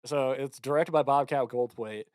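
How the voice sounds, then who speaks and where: A man co-hosting a podcast, telling crude stories in casual comedic chat and acting out quotes in high yelps. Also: moderate pace, a little mellow, clean tone, no echo, clean studio sound. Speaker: podcast co-host.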